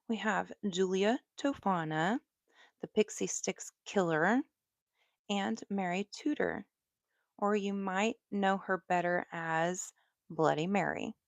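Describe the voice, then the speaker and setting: Slow, chatty Southern woman. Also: medium pitch, dry recording. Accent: American Southern. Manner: relaxed, chatty, with asides. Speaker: true crime storyteller. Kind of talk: live storytelling.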